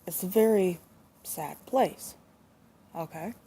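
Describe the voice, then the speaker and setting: A woman's voice: fairly low pitch, slow, creaky, warm tone, slightly rough. A young woman ranting indignantly into her phone, swearing and repeating herself as she talks. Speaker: vlogger. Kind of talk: angry casual rant.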